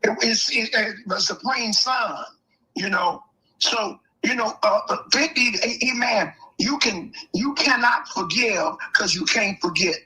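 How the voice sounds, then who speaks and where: Man w a sharp bright voice, opinionated, steady. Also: sits high, a little slow, rough recording. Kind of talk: casual chat.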